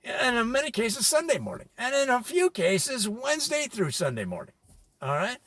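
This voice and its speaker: A man's voice: extremely high pitch, big pitch swings, normal speed, fairly bright tone. A man hosting a parody spotlight, rambling with mock authority and chuckling at his own tangents. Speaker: comedic presenter. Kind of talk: improvised deadpan parody spotlight.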